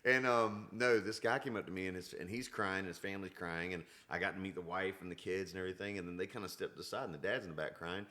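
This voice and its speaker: A country singer appearing as a podcast guest talks fast with few pauses, his voice sitting low. He tells stories in a relaxed chat, animatedly acting out the exchanges people had.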